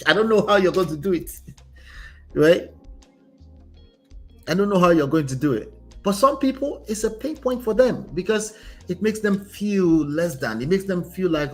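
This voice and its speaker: A man's voice: high-pitched, lively intonation, a little slow, pauses often, soft background music. A man, a relationship coach commenting on a story he reads aloud, speaking emphatically and ending many points with "right?". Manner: emphatic, tags lines with "right?".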